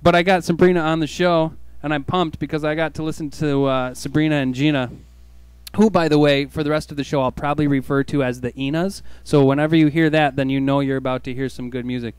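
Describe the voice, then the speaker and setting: Smooth-voiced laid-back male radio host. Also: fairly high pitch, steady tone, fast, dry recording. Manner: laid-back, jokey, self-mocking. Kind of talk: comic storytelling monologue.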